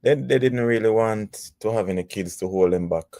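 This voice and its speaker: A man with a fairly low voice joins a casual live chat, speaking haltingly and repeating himself as he gathers his thoughts. His voice sounds dry, with no room echo. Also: warm tone. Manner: halting, repeats words, agrees often.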